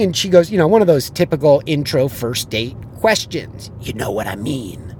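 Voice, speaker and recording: Blunt, animated man telling a story. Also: on the high side, moderate pace, slight background noise. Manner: animated storyteller who acts out the people he quotes; blunt and profane. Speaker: business coach. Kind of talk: storytelling and sales advice.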